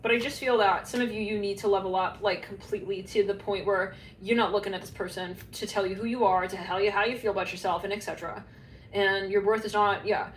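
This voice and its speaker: A woman's voice: mid-range voice, steady tone, quick pace. Woman tarot reader, loose rambling delivery, roomy echo, faint hum behind. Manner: rambling, filler-heavy, laughs at herself. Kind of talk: casual psychic tarot reading to camera. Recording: echoey room, faint background hum.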